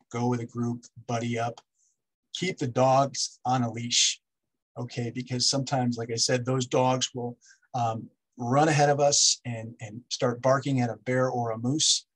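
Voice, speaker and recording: Husky-voiced man giving a safety lecture. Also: mid-range voice, rough recording. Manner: instructive, repeats key steps, asks "okay?". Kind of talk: public lecture with slides.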